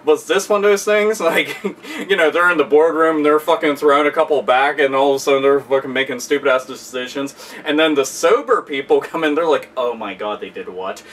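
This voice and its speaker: A man rants angrily with constant swearing and exasperated sarcasm. His voice is high with a bright, sharp edge. He sits a little back from the microphone. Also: brisk, recorded from a distance. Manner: heavy profanity, exasperated, sarcastic. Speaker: video host. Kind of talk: angry ranting commentary.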